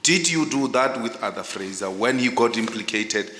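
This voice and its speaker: South African male commissioner, emphatic and insistent, tense bright voice, long hall reverb. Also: lowish voice, lively intonation, normal speed, a little hiss or hum. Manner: forceful, insistent, emphatic questioning. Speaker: panel commissioner. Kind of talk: formal panel interview. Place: large hearing room.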